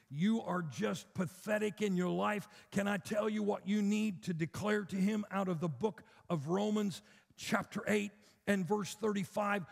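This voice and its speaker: A man's voice: high-pitched, vocal fry. A man preaching a sermon, emphatic and rhythmic, building through repeated phrases to bold declarations. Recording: long hall reverb.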